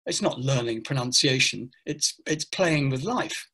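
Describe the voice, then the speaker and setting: A man's voice: medium pitch, measured pace, breathy edge. An older man talking playfully about teaching pronunciation as the guest of a video call interview, acting out classroom instructions. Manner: playful, animated, acts out classroom lines. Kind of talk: casual interview talk.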